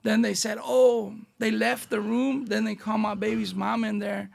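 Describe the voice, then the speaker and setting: La guy, middle-aged, raspy fry all over, high-ish voice, telling stories w/ lots of slang. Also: a little slow. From Northeast Los Angeles. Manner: animated street-slang storyteller, acting out dialogue. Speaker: guest. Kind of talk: casual storytelling interview.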